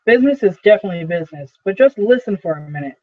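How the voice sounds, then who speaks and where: A man's voice: high voice, moderate pace, no room sound. A man reading the part of an aging, weary male traveling salesman who pleads and rambles through his stories. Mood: earnest, nostalgic. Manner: earnest, rambling storytelling. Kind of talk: amateur play reading. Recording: tinny phone-like audio.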